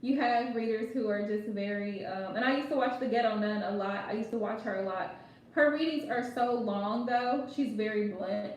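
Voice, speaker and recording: High-voiced chatty woman in an echoey room. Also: normal speed, far from the mic. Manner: chatty and rambling, laughs often, many fillers. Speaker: tarot reader hosting a live stream. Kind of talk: casual live-stream chat. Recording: very echoey room, voice away from the mic, faint noise.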